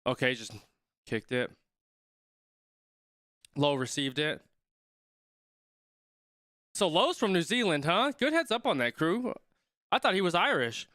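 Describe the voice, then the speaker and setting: A man's voice: a little high, big pitch swings, takes it slowly, long pauses, pushed and bright, no echo, studio quality. A young man watching a rugby match live and chatting along, reading viewers' comments and thinking aloud, often trailing off mid-sentence. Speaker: streamer reacting to a rugby match.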